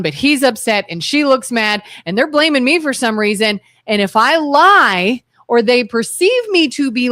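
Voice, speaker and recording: A woman's voice: on the high side, no room sound, studio quality. A woman co-hosting a call-in talk show, telling stories and acting out the people in them. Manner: animated storyteller, voices the people in her stories. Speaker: co-host. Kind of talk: casual talk-radio chat.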